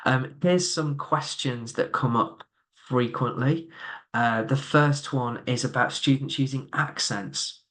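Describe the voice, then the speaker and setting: A man runs an online training session for teachers over a computer mic, reading out their questions and answering them. His delivery is loose and conversational, full of ums and small restarts. His voice sits at an ordinary middle pitch. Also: takes it slowly, a bit bright. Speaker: subject advisor leading a teacher training webinar.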